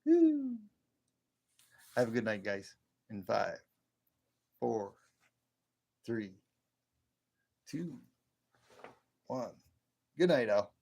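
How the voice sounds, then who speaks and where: Gravelly low-voiced man chatting on a stream. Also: extremely slow, pauses often, darkish tone. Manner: rambling, folksy, thanks viewers by name. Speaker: livestream host. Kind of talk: casual live-stream chat.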